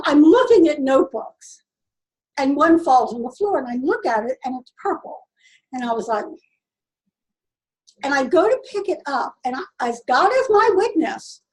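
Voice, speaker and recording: High-voiced woman telling a personal story. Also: rough recording. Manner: earnest, halting, full of restarts. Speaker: vlogger.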